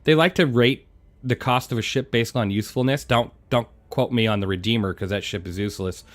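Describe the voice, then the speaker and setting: A man casually chatting with his live-stream chat while playing, relaxed and talkative, chewing a throat lozenge. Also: mid-range voice, fairly quick. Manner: relaxed, chatty, answers chat between flying.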